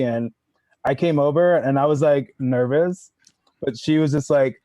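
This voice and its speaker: A man guest on a podcast, telling an animated story and laughing as he goes. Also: medium pitch, a little slow, no room sound. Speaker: guest actor. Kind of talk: podcast interview chat.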